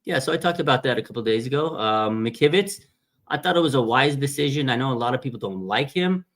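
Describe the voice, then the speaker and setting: A man in his thirties hosting a live fan stream, chatting casually in animated, slangy, rambling banter. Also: mid-range voice, fast talker. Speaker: fan show livestream host.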